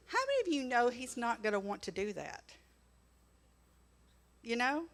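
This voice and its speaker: A woman's voice: on the high side, very animated, moderate pace, pauses often, a bit bright. A woman sharing a sermon on marriage beside her husband, plainspoken and conversational. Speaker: pastor's wife.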